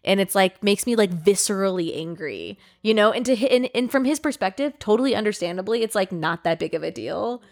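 A woman's voice: mid-range voice, expressive, fairly quick, hardly any pauses. A young woman co-hosting a podcast, telling a long personal story in casual chat, rambling with many fillers and frequent swearing. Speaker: podcast co-host.

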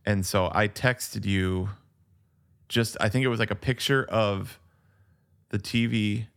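A man co-hosting a casual film chat, easygoing and agreeable, often chiming in with quick replies. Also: on the low side, fairly even intonation, vocal fry, fairly bright tone. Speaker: podcast co-host.

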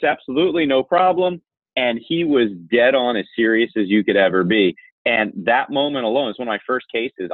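A man with a low voice tells a story as a podcast guest, animated and candid. His voice comes through a narrow, tinny, phone-like line. The sound is dry, with no room echo. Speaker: podcast guest, insurance marketer. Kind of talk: storytelling conversation.

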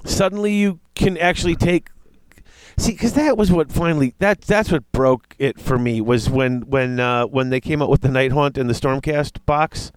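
A man in casual chat, reading tabletop game rules aloud and reacting with excitement. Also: mid-range voice, moderate pace, clear, resonant tone, no room sound. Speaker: tabletop wargame player discussing rules.

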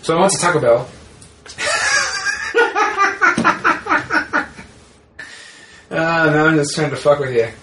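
A man co-hosting a casual podcast who talks in rambling, excitable bursts and swears freely. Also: a little high, fast, few pauses, roomy sound, a little hiss or hum, poor audio. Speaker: podcast co-host. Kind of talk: casual chat.

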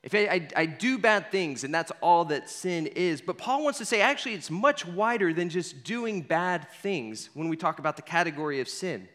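A man delivers a sermon as guided storytelling, speaking straight to the listener and repeating key lines for weight. His voice sits slightly high for a man. A long reverb trails each phrase. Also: animated, normal speed, hardly any pauses, fairly bright tone. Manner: speaks in the second person, leading listeners through a scene. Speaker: preacher.

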